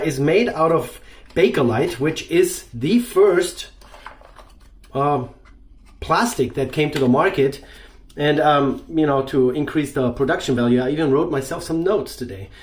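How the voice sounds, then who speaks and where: A man's voice: on the high side, a little slow. Rambling man reviewing gear. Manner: loose, rambling, with many fillers and restarts. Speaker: shaving channel host. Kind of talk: casual product review.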